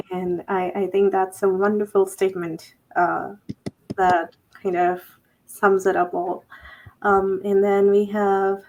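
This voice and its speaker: A woman hosting a livestream panel chat, speaking hesitantly with frequent pauses and fillers. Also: medium pitch, level tone, a little mellow. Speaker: host.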